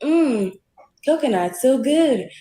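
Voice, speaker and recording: Woman doing a stiff npc bit, high voice, slow loops of the same phrases, roomy playback. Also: a little hiss or hum. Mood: robotic, repetitive. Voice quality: flat repetitive chanting of catchphrases. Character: TikTok creator acting as a non-playable game character. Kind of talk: live-stream NPC role-play.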